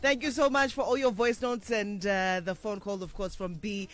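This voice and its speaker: A man's voice: sits high, fairly even intonation, moderate pace, fairly bright tone. A man hosting a breakfast radio show, chatting casually and teasing his co-host in a bantering, argumentative way.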